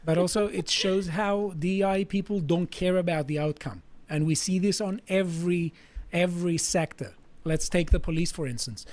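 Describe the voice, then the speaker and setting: A man in a casual political chat, speaking in a measured way and reading documents aloud. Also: sits high, darkish tone.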